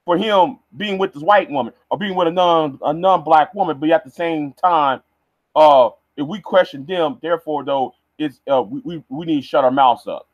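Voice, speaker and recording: A man's voice: on the high side, moderate pace, no room sound, lo-fi sound. A man ranting on a livestream, heated and stammering, repeating words as he goes. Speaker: vlogger.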